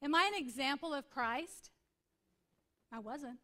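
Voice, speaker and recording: A woman's voice: sits high, expressive, unhurried, sharp tone. A woman pastor in her forties preaching a sermon in an earnest, conversational way, repeating points for emphasis.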